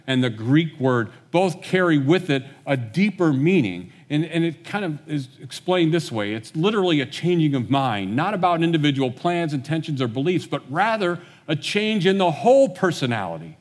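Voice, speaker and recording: A man preaching a sermon, retelling a story in a relaxed conversational way and acting out the characters' lines. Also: fairly high pitch, normal speed, big-room sound. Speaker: pastor.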